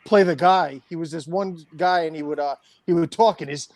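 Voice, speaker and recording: A man co-hosting a casual podcast, joking and crude, quick to agree. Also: fairly high pitch, darkish tone, no echo. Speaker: podcast co-host. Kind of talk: casual chat.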